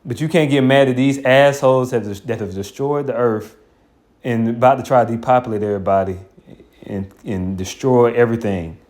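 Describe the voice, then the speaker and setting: A man's voice: medium pitch, moderate pace, a little mellow. A man teaching scripture in an informal, blunt and colloquial way, with scornful asides. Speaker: Bible teacher.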